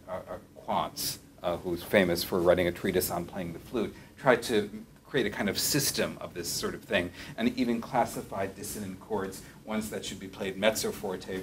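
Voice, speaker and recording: Heard from a distance in a roomy piano classroom, a middle-aged man with a low-sitting voice gives a thoughtful music lecture. He's a professor who uses many fillers and self-corrections, and there's slight background noise.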